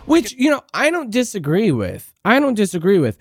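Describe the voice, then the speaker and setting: Male podcast host, sarcastic profane rant, wildly swinging pitch, dry close sound. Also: huge pitch swings, normal speed, dry recording. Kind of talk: ranting reaction commentary.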